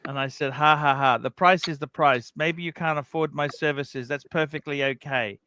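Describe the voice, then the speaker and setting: Bright, crisp-voiced man. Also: a little high, moderate pace, no room sound. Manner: animated retelling of a feud, repetitive. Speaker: livestream host. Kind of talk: casual livestream chat.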